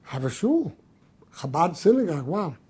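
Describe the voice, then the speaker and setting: An older man tells a personal story in a high, husky voice with a warm, mellow tone. His pitch swings widely as he leans hard on key words, and he repeats them for emphasis. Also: sing-song, normal speed. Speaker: speaker recounting his community work.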